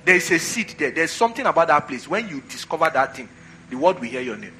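A man preaches with a bright, forceful voice pitched a little high. He drives home his points by repeating phrases and calling for answers from the congregation. Soft music plays faintly behind him. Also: very animated, quick pace. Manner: call-and-response preaching, repeats phrases for emphasis. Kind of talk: sermon.

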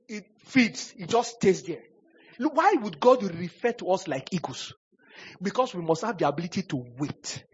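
Pastor, male, high husky voice, repeats lines for emphasis, muffled lo-fi recording. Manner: emphatic preaching with repetition and sudden loud bursts. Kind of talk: sermon. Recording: dull lo-fi sermon recording.

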